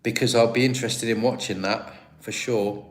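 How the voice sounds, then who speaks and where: A man's voice: medium pitch, fairly even intonation, moderate pace. A British man hosting a livestream, chatting casually and answering viewer comments in a rambling, self-deprecating way. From Britain. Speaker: livestream host. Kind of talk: casual live-stream chat, reading viewer comments.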